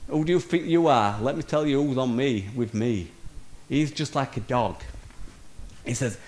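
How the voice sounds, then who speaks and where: A man's voice: medium pitch, moderate pace, a little mellow. A man preaching a sermon with energy, calling his listeners "guys" and laughing off his own slips.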